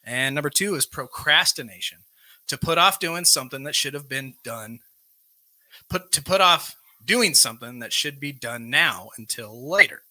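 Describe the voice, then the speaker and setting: Hosting a live recovery group, a man reads character defects from a workbook in a plain manner and explains each one. His mid-range voice is expressive and sharp, with a moderate pace. The audio comes through a live stream microphone.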